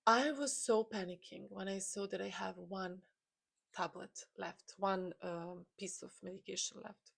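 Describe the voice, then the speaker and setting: A woman's voice: medium pitch, fairly even intonation, a little slow, creaky, fairly bright tone, breathy edge. Earnest woman, motivational. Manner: earnest and intense, with many restarts and repeated phrases. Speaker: spiritual content creator. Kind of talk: personal story, motivational talk.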